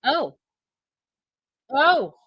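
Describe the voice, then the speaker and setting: A woman with a slightly high voice hosts a live stream, rambling through casual chat and laughing easily. Her voice is picked up on a close, dry microphone with no room sound. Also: big pitch swings, extremely slow, dry recording, highs cut off. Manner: chatty and rambling, laughs often. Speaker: livestream host.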